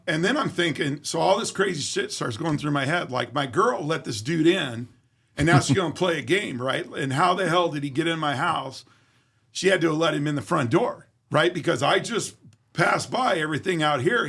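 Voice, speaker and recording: Gravelly man telling a story. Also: a little high, a bit bright. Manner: vivid, profane, acts out quoted dialogue. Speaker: interview guest. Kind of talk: casual storytelling.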